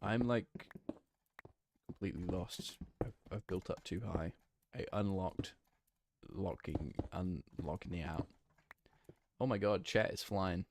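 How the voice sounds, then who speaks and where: A man streams himself playing a block-building game, rambling easily as he answers his live chat, full of fillers and self-corrections. His voice is low, his pace slow with long pauses, and there's background noise.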